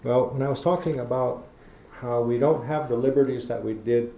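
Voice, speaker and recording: A man's voice: medium pitch, moderate pace, dark tone. A middle-aged man giving a public talk, telling folksy stories and acting out how he talks to children. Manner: storytelling, folksy, acts out talking to kids. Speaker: public lecturer. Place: university lecture hall. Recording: echoey lecture hall with faint noise.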